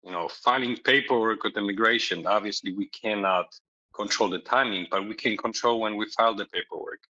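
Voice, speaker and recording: A man's voice: on the low side, a little fast, pushed and bright. A man in casual chat giving blunt, straight-talking advice and teasing his partner. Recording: dull lo-fi sound.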